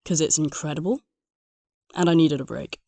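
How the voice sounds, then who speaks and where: A woman's voice: low-pitched, fairly even intonation, moderate pace, dark tone, no echo. A woman giving scripted comedic narration in a dry, sardonic manner.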